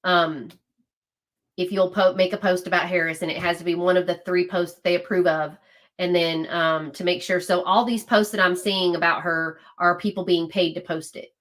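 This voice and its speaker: A woman's voice: lowish voice, level tone, moderate pace, a bit bright. A woman hosting a livestream, talking to her viewers in casual political commentary, emphatic and often repeating herself. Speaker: livestream host.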